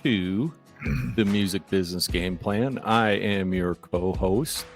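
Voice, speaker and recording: A man's voice: deep voice, slow. A man co-hosting a casual music business chat, folksy and rambling with lots of fillers. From Wisconsin. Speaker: co-host. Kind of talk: casual video podcast chat.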